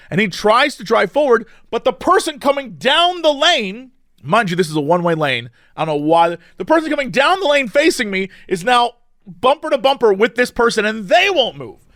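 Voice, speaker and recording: A man's voice: high-pitched, dry recording, clean studio sound. A man co-hosting a podcast, telling a story casually and acting out what other people said. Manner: animated, acts out other people's lines. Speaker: podcast co-host.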